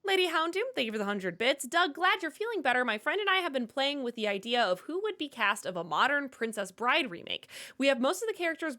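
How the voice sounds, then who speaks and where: A woman co-hosts a live-stream Q&A and reads out donation thank-yous and viewer questions. Her voice sits high and moves around a lot in pitch. She keeps a casual, chatty tone. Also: a bit bright. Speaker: co-host reading viewer questions.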